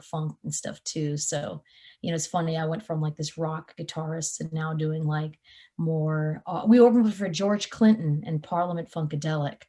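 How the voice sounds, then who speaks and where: A young adult woman, a touring guitarist, chatting in an interview and acting out the people in her stories. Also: deep voice. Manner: animated storyteller, acts out quotes. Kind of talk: casual interview chat.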